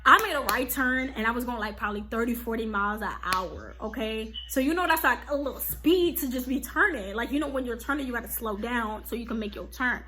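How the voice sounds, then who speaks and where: A young woman vlogger telling a casual storytime, animated and slangy, full of "like" and "okay?". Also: on the high side, a little fast, few pauses, slight background noise.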